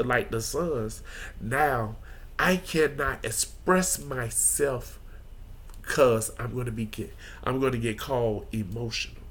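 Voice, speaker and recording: Earnest man, bright forceful voice. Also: medium pitch. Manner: earnest, preacher-like, emotionally open. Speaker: podcast host. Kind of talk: candid personal monologue.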